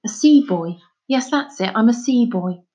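A woman's voice: fairly high pitch, lively intonation, a little slow, warm tone. A woman reading aloud voices a sensitive, lonely young boy who asks eager, pleading questions. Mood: wondering.

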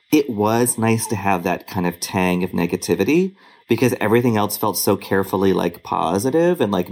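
A man's voice: lowish voice, a little mellow. A man co-hosting a podcast, musing casually with many restarts and fillers. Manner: rambling, hesitant, many fillers. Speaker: podcast co-host and critic. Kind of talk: casual panel chat.

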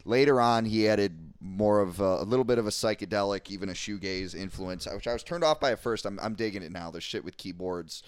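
A man's voice: fairly low pitch, brisk, hardly any pauses, clean tone, dry recording. A man co-hosting a podcast, talking casually and enthusiastically about music with lots of swearing and rambling asides. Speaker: podcast co-host. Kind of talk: casual chat.

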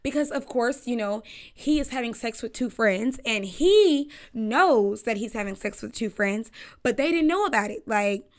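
A woman's voice: fairly high pitch, lively intonation, normal speed. A young woman hosting a casual talk show, rambling and cussing with laughing asides. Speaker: podcast host. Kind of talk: casual storytelling chat.

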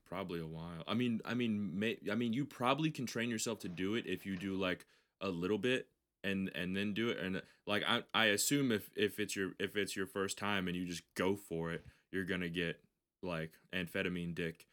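A deep-voiced podcast co-host talks briskly in a slightly bright tone through casual, crude chat. He rambles with many restarts, laughs often, and acts out quoted voices.

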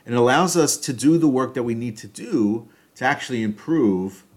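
A man giving a reflective solo talk on a self-help topic, thinking aloud with loose phrasing, fillers and restarts, and loudness that rises and falls. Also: medium pitch, lively intonation, normal speed.

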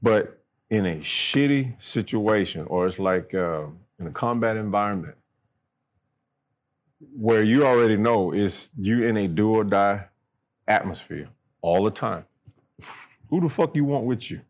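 A man's voice: lively intonation, a little slow, long pauses. Profane middle-aged man telling war stories. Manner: profane, blunt, acts out quoted dialogue with jumps in pitch. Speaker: podcast guest, military veteran. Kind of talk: casual storytelling chat.

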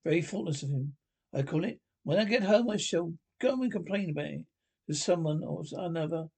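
A man's voice: fairly high pitch, expressive, brisk, vocal fry, darkish tone, slightly rough, exaggerated voice. A man reading a storybook aloud and voicing a peevish, complaining male mole. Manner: grumbling, complaining.

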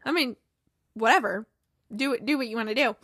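A chatty woman talks through a TV episode scene by scene, slipping into the characters' lines as she goes. Her voice sits a little high, and it is recorded close and dry with no room sound. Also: brisk, fairly bright tone, dry recording. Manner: chatty, acts out quotes, laughs, reads aloud. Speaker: podcast host recapping a TV episode. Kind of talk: casual recap, retelling scenes.

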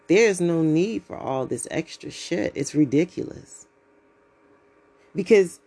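A woman's voice: sits low, expressive, takes it slowly, gravelly, long pauses, mellow, breathy edge. Outspoken, profane woman podcast host. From United States. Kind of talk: blunt solo podcast monologue.

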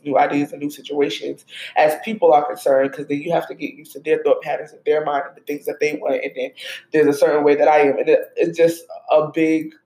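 A woman's voice: sits low, darkish tone. A woman podcast host giving an emotional, conversational faith talk with prayer, streamed live and speaking to listeners as y'all. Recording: roomy echo.

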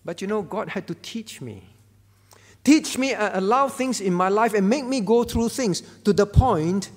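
High-voiced pastor preaching in a hall. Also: male voice, lively intonation, moderate pace. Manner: emphatic, repeats key words, rhetorical questions. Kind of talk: sermon.

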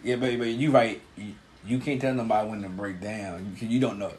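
A man co-hosting a casual TV recap chat, talking in a halting, laid-back way with slang and repeated words. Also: lowish voice, fairly even intonation, noisy background. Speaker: podcast co-host.

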